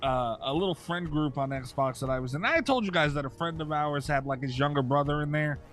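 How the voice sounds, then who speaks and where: A man co-hosting a podcast in casual chat, grumbling and deadpan, swearing often. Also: fairly high pitch, a little fast, soft background music. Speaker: podcast co-host.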